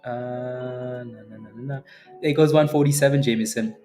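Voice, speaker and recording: A man's voice: mid-range voice, steady tone, moderate pace, dark tone, soft background music. A man hosting a casual stock trading livestream, joking around with his viewers and laughing often.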